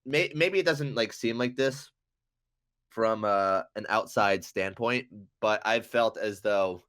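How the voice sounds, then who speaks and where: Young man, congested nasal sound, low pitch, dry close mic, rambling self-mocking podcast chat. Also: slow pace, a bit bright, smooth, no room sound. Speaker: podcast guest.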